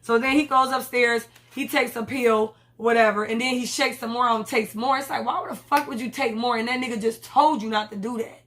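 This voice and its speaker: Animated woman recapping a TV episode. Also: on the high side, fairly quick, hardly any pauses. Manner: animated, profane, acts out characters' lines. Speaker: TV episode reviewer. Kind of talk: casual recap and commentary.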